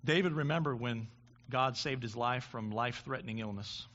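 A man preaching a sermon, with halting restarts, building to impassioned preaching. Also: mid-range voice, a bit bright, muffled recording. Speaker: pastor.

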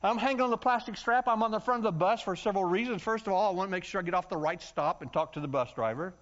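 A man from the United States preaching a story-filled sermon, acting out voices and yelling for comic effect. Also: sits high, fast talker. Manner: animated, acts out voices and yells for comic effect. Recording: dull lo-fi sound.

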